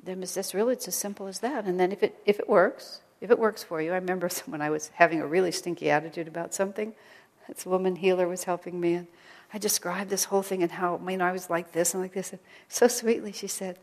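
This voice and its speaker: A woman giving an informal spiritual talk to a small group, gentle and conversational, sometimes dropping almost to a whisper. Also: medium pitch, brisk. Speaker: spiritual teacher. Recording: long reverb of a hall.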